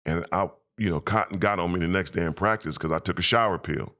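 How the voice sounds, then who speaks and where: A man, a former pro basketball player, telling emotional, animated stories as a podcast guest and acting out quoted voices. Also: low voice, fast talker. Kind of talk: casual storytelling interview.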